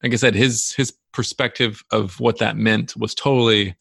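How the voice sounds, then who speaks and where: Man, podcast co-host, low gravelly voice, dry close sound, halting and searching for words. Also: fairly even intonation, a bit bright, dry recording. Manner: loose, searching for words, stammering restarts. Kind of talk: casual podcast discussion.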